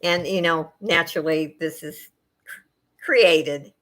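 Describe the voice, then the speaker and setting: Slow, low-voiced woman chatting gently. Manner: soft-spoken, meandering, emotional, many fillers. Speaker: channel host chatting with viewers. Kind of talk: casual live chat.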